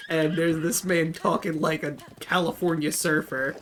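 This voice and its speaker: A man streaming a game chats casually, joking about the on-screen action and reading game text aloud. His voice is fairly high and fairly bright, level in tone at a moderate pace, with slight background noise.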